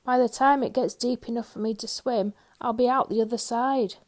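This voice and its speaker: A woman voicing a gloomy, very tall male storybook character who talks slowly and sighs. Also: on the high side, steady tone, a little mellow, lightly acted. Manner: sighing, slow and mournful.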